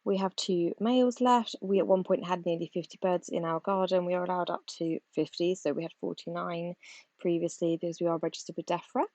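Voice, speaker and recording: A British woman vlogs from her back garden, chatting and rambling about her chores as a backyard poultry keeper, filming on a phone held in her hand while she works. Her voice sits on the low side with fairly even intonation, a fairly quick pace and a warm tone, with no echo.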